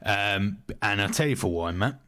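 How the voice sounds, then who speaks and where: A British man co-hosting a podcast, laying out a film theory in a measured way. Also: on the low side, lively intonation, sharp tone. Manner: measured, building a theory step by step. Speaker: podcast co-host. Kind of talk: casual film review chat.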